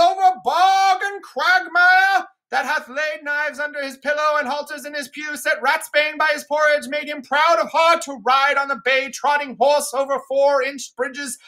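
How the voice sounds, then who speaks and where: A woman's voice: sits high, steady tone, measured pace, fairly bright tone, voice pushed up. A woman voicing a young man who feigns being a raving mad beggar, wild and chanting.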